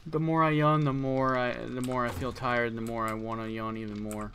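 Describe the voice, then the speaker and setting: A man's voice: mid-range voice, level tone, moderate pace, few pauses, fairly bright tone, slight background noise. A young man casually commenting on his gameplay for viewers, yawning and talking about feeling tired. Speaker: gaming streamer. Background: keyboard clicks and typing.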